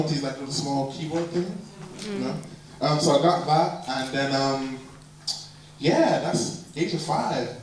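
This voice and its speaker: Man, 20s, American-tinged accent; relaxed rambling testimony talk, distant mic in a very echoey hall with background noise. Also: medium pitch. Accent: American-influenced. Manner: relaxed, rambling, lots of fillers. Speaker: producer and worship leader giving a talk. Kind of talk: personal life story talk.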